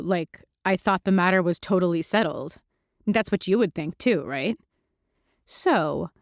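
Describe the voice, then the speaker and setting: A woman's voice: mid-range voice, darkish tone, no room sound, clean studio sound. A woman narrating a story in the first person, in a chatty, sarcastic way full of "like".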